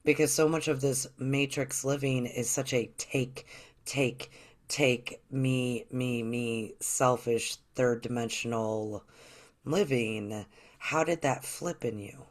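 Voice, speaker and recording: A woman's voice: very deep voice, steady tone, slow. A woman hosting a spiritual interview show, talking in an earnest, chatty way with long, rambling questions. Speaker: host.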